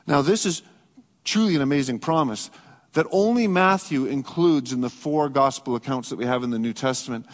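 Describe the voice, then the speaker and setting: Earnest pastor preaching in a reverberant church. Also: male voice, fairly high pitch. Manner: earnest, swings between raised emphatic and soft reflective delivery. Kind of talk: sermon. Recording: long hall reverb.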